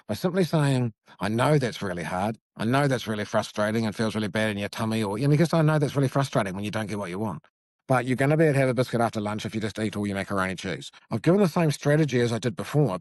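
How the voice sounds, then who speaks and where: A middle-aged man explaining child brain development in a lively, conversational way, acting out what parents say. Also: mid-range voice, no echo. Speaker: neuroscience educator, guest.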